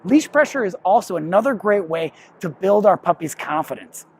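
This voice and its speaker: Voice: mid-range voice, animated, moderate pace, a little hiss or hum. A professional dog trainer explaining puppy training basics in a plain, instructive way. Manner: plain, explanatory, acts out quotes.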